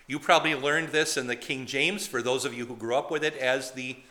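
A man's voice: medium pitch, steady tone, a little fast, bright, forceful tone. A man preaching a conversational sermon, chatty and digressive, often asking the congregation questions.

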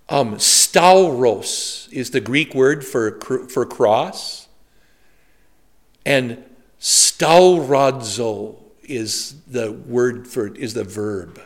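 A man's voice: mid-range voice, lively intonation, takes it slowly. A man, a pastor, leading a Bible study in a conversational way, telling stories with humorous asides and rhetorical questions.

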